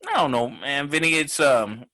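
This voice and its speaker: A man's voice: medium pitch, moderate pace, sharp tone. A man playing a mumbling laid-back co-host. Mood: offhand. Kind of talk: comedic sports banter.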